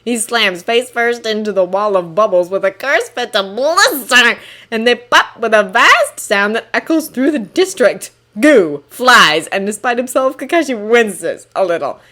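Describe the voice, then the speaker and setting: A woman narrating a fan-written story as an expressive audiobook reading. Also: a little high, a little slow. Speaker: fanfiction reader.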